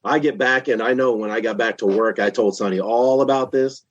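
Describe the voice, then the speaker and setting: A man in his fifties, a podcast guest, telling a long story in a casual, animated way with lots of restarts. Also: medium pitch, brisk, no echo, highs cut off. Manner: animated, chatty, many restarts.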